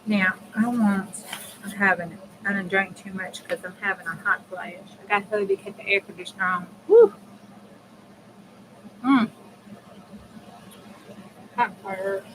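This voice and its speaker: A middle-aged woman with a drawl hosts a crafting livestream from her home craft room. She chats in a folksy, easygoing way, talking straight to her viewers. Her voice sits at an ordinary pitch for a woman. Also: measured pace, pauses often, background noise. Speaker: craft channel host. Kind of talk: casual chat while crafting on a livestream.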